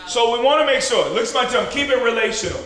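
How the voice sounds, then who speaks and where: A man preaching at a leader training, teaching through call-and-response and building to shouted peaks. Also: very high-pitched, very fast. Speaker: pastor leading a leader training. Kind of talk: sermon-style teaching. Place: large church hall with an audience. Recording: echoey hall with crowd responses.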